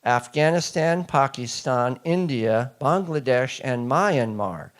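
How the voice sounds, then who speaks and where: A man speaking to a live audience in a mid-pitched voice. He is emphatic and drives his points home with rhetorical questions thrown at the crowd. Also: expressive, slow.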